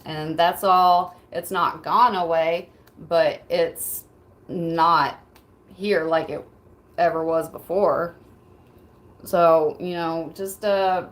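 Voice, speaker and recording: A woman's voice: medium pitch, low-quality recording. A woman streamer in casual livestream chat, laid-back, swearing freely and laughing often as she reads messages.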